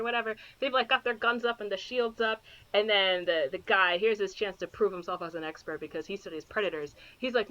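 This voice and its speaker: A woman's voice: mid-range voice, brisk, bright, forceful tone. A woman co-hosting a podcast, casually retelling a movie plot with lots of fillers and acted-out character lines. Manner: rambling, full of fillers, acts out characters' lines. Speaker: podcast co-host. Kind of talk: casual chat recapping a movie. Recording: dull lo-fi podcast audio.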